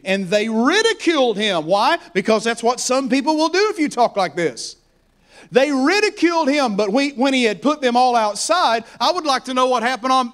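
A man preaching a sermon, dramatic and emphatic, dropping to hushed whispers and then building to loud exhortation. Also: sits high.

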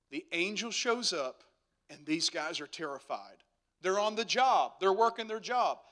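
A male pastor delivers a sermon in a high, bright, ringing voice. He preaches emphatically, repeating phrases and throwing rhetorical questions at the congregation.

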